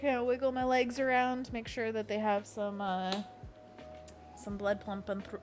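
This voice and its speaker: A woman's voice: fairly high pitch, level tone, normal speed, over music. A young woman hosting a casual livestream, playful and giggly, leading hand stretches with silly monkey noises. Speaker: livestream host.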